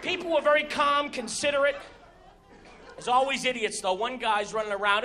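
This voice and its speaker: A male stand-up comic who tells his stories with animated, exasperated energy. His voice is very high and bright. Faint audience laughter sits under the set. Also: moderate pace, a faint crowd. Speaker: stand-up comedian. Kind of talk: stand-up comedy routine. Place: comedy stage before an audience.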